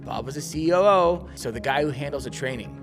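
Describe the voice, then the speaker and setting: A man's voice: on the high side, animated, fairly quick, music in the background. Indignant man telling a story. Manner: indignant, emphatic. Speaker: restaurant reviewer. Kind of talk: storytelling commentary.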